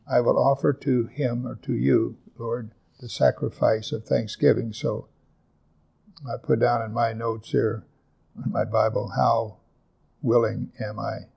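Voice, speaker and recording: A male pastor preaching to his congregation in a gravelly, mid-pitched voice. He speaks earnestly, slowing down to dwell on scripture lines and repeating them for emphasis. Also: level tone, darkish tone. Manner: earnest, slows down to stress scripture, repeats verses. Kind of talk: sermon.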